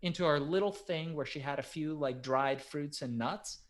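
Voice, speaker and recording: A middle-aged man co-hosting a podcast, telling a story in casual chat that swings from hushed to loud. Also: a little high, moderate pace. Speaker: podcast co-host.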